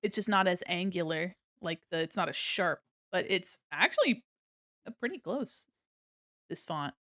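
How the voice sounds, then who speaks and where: This young woman draws on a live stream at home and chats into a desk mic on a mic arm, playful, rambling, and prone to humming and silly sounds. Her voice is lowish but lively in intonation, fairly bright, at a moderate pace, recorded dry in studio quality.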